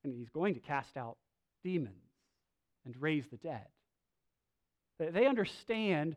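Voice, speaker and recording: A male preacher gives a sermon as if talking with friends. His voice sits a bit high for a man. He stumbles and restarts, then swings between loud bursts and quiet asides. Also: sing-song, measured pace, long pauses. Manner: conversational, with filler words and restarts.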